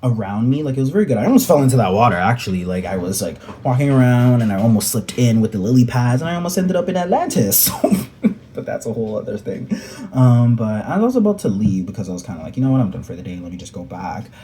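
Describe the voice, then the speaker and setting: Young man, storytime vlog, bouncy lively delivery, mellow tone, joking, lots of fillers. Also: mid-range voice, fast talker, a little hiss or hum. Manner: animated, joking, many fillers. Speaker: vlogger.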